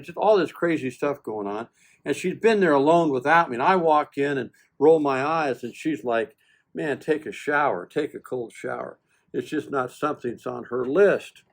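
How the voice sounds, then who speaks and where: A man in his seventies, a veteran guest, telling a long personal story in a casual interview and acting out both sides of the conversation with self-deprecating humor. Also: a little high. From United States. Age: 70s. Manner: animated, folksy, acts out both sides of conversations.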